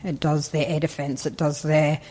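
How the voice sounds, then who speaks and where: An Australian woman in her forties, an army veteran, telling stories in a casual, animated way during an interview. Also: low voice, moderate pace. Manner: chatty, animated storyteller, laughs easily. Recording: roomy with long reverb.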